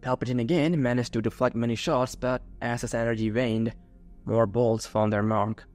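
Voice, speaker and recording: A man's voice: medium pitch, steady tone, normal speed, darkish tone. Man narrating fan fiction over faint music. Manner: dramatic storytelling. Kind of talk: scripted narration.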